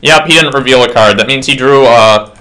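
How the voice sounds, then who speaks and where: A man's voice: medium pitch, fairly quick, bright, forceful tone. A slightly tipsy man casually commentating his own card game match at home, rambling with self-deprecating asides.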